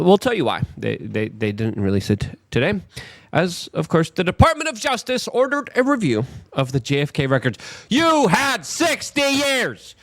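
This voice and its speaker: Angry high-pitched ranting man. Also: creaky, dry recording, studio quality. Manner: angry, emphatic, exasperated. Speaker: commentary show host. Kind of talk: ranting news commentary.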